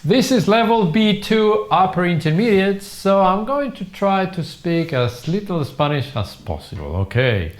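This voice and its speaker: A man running a live online English class, his pitch leaping up and down as he drills words and adds chatty asides. He sounds a little tired but keeps going. The room around him rings with echo. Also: very animated, measured pace, hardly any pauses. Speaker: English teacher. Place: language academy in Madrid.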